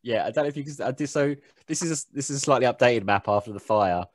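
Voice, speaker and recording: A man narrating a tabletop session as game master, rambling and laughing at his own slips. His voice sits at an ordinary pitch and sounds close and dry, with little room sound. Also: fast talker, no room sound. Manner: rambling, self-mocking, laughs at himself.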